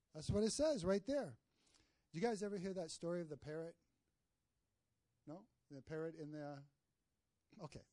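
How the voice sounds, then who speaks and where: A man preaches a sermon in a slightly high, warm voice, and the recording is dry. He uses call-and-response, asking the congregation for amens. Partway through he breaks in with jokes and a story.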